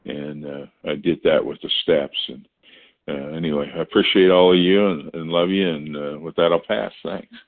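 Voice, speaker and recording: Very deep-voiced man, halting share. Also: steady tone. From Oklahoma. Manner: hesitant, repeating words, many fillers. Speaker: meeting member sharing. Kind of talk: personal share at a recovery meeting. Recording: tinny phone-like call audio.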